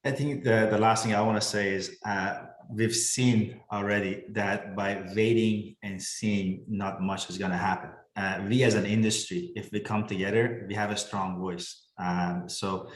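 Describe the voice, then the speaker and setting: A man's voice: lowish voice, flat delivery, normal speed, hardly any pauses, roomy sound, low-quality recording. A man on a webinar panel, making an earnest rallying appeal with many fillers. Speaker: industry panelist.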